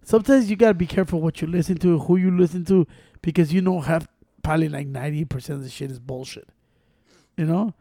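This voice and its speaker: A man's voice: a little high, fast talker, warm tone, no echo, studio quality. A man chatting casually on a podcast, laid-back and profane, dropping in bits of Spanish. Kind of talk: casual chat.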